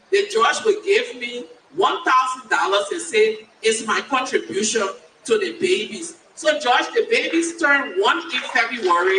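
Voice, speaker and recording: A woman in her fifties delivers a keynote testimony in a high, bright voice with wide, lively swings in pitch. She talks slowly and with weight, leaning on pauses for effect. The stage microphone picks her up from a distance in a large, echoing conference hall. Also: slight background noise. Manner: slow, emphatic storytelling with dramatic pauses. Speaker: keynote speaker. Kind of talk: personal testimony speech. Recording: echoey hall from far off.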